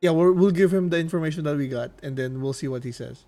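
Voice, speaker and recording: A man playing a tabletop game, halting and restarting as he lays out plans. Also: on the high side, dark tone, soft background music. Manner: halting, restarting, eager planner. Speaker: player. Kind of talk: tabletop role-play, in and out of character.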